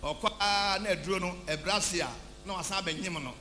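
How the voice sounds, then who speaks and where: In an echoey church hall with a background hum, a man acting as prophet runs the service, his charismatic sermon mixed with congregational testimony. He shouts and half-sings in a sing-song cadence, moving between Twi and English. His voice sits high and his pace is a little fast.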